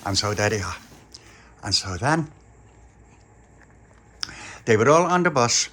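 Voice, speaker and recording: A man's voice: medium pitch, sing-song, slow pace, pushed and bright, a little hiss or hum. A man telling a story with toys in a chatty, chuckling way. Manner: chatty, chuckling between lines. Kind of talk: toy storytelling.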